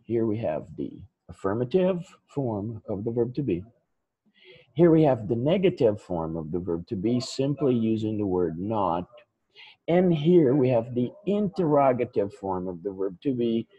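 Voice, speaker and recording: A man walks through a grammar lesson at an unhurried pace, repeating each example with patience. His voice is mellow and a touch husky. The recording is dry and slightly dull. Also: on the low side, no echo. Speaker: English teacher.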